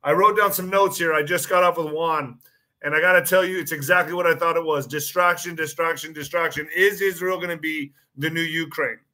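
Male host, bright and slightly high voice, rambling monologue with repeated words and pointed questions. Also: fairly even intonation, fairly quick. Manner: repeats phrases, frequent restarts and fillers; poses claims as pointed questions. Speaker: online show host. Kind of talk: casual monologue commentary.

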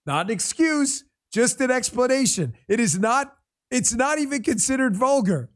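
New york guy hosting a live political show, pretty high voice for a man, chatty and quick to laugh. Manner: animated, chatty, laughs easily, repeats himself. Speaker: show host.

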